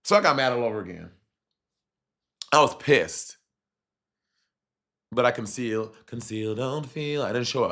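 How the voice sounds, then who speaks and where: A man chatting casually on a livestream as he reacts to a reality show, animated and profane, with sudden jumps in pitch. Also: normal speed, pauses often. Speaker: streamer reviewing a reality show.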